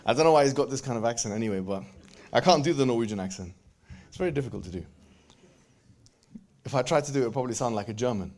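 A man giving a religious lecture with jokes, reciting scripture verses in quick bursts between his explanations. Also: mid-range voice, lively intonation, a little mellow. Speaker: preacher.

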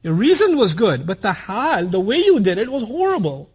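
High, husky man teaching a Quran lesson. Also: normal speed. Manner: explains by contrast and example, with lively humorous asides; checks in with listeners. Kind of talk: explanatory religious lecture.

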